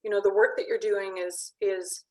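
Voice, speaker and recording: A woman's voice: medium pitch, flat delivery, normal speed, mellow, low-quality recording. A woman hosting an online interview, responding to her guest in an eager, affirming way and summing up his points. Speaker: host. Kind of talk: conversational interview.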